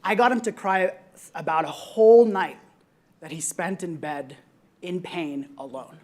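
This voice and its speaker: A young woman with a somewhat low voice speaks on a conference panel. She tells a personal story earnestly and reflectively, with frequent ums along the way. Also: unhurried, a little mellow.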